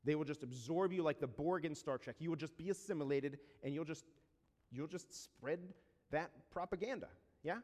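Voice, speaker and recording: A man delivering a sermon in a somewhat high voice, his words ringing through the long reverb of a large hall. He keeps it conversational, tossing out rhetorical questions to the congregation, and he slows right down when he reads scripture aloud. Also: darkish tone. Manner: reads scripture slowly and deliberately. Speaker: pastor.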